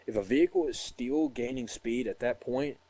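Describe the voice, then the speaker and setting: A man's voice: mid-range voice, huge pitch swings, normal speed, gravelly, warm tone, husky, poor audio. A young man with an ordinary mid-range voice chats casually. He tells a rambling, profane tale with lots of fillers and frequent laughter. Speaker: soldier telling a story. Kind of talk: casual chat.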